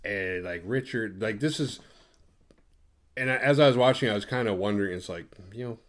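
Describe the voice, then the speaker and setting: A man's voice: fairly low pitch, normal speed. A young man recapping a horror movie in a casual, crude, joking way and acting out the characters' lines. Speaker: movie podcast host.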